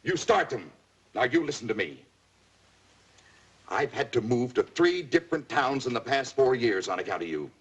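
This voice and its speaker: A man's voice: medium pitch, very animated, normal speed, long pauses, a little hiss or hum, lightly acted. An actor playing a stern, worn-out father scolding his daughter in a 1950s TV drama. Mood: angry. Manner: stern, scolding, rising to shouts.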